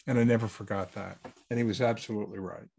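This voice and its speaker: A man's voice: lowish voice, steady tone, quick pace, creaky, darkish tone, slightly rough. A man, a published author, answering questions in an easygoing, anecdotal way over a video call. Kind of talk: online Q&A talk.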